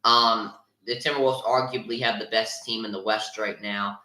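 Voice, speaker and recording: A man's voice: fairly low pitch, fairly even intonation, normal speed, bright, forceful tone. A young man hosting a casual sports podcast, giving strong opinions with lots of ums and restarts. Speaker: podcast host. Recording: roomy echo.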